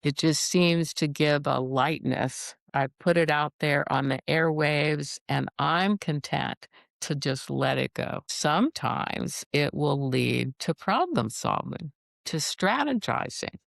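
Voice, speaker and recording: A middle-aged woman psychologist, a podcast guest, explaining in a calm, measured way. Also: low-pitched, vocal fry, no echo, clean studio sound. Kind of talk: podcast interview.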